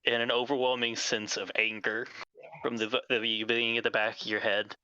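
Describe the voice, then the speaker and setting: A man's voice: medium pitch, flat delivery, fairly quick, bright, forceful tone, clean tone, no room sound, dull audio. A man running a tabletop game as game master, describing scenes and calling for dice rolls.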